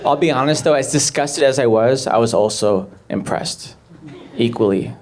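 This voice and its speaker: A man doing a stand-up comedy set, animated and mock-disgusted with deadpan asides. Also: medium pitch, moderate pace. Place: comedy club stage. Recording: loud audience laughter, noisy stage.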